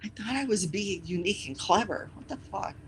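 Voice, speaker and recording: A live streamer chatting casually with viewers, rambling and teasing, with sudden loud bursts and quick whispered asides. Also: medium pitch, expressive, slight background noise, rough recording.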